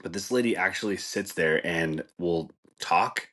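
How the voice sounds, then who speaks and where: A man's voice: deep voice, a little slow, bright, forceful tone. A man hosting a podcast, rambling through a casual comedic monologue and laughing at his own jokes. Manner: rambling, laid-back, says "dude" and "like" a lot, laughs at his own jokes. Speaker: podcast host.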